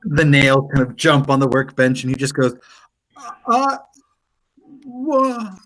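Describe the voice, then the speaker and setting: A man runs a tabletop game, narrating scenes in an easygoing way with fillers. His voice sits at a middle pitch and sounds unhurried. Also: rough recording. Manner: relaxed storytelling with fillers. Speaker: game master.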